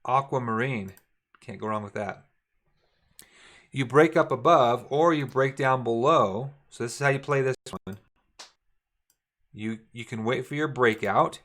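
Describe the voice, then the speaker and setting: A man's voice: medium pitch, a little slow, pauses often, a bit bright. A middle-aged man giving a casual, repetitive trading lesson while drawing on charts. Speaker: trading instructor. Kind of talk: screen-share trading lesson.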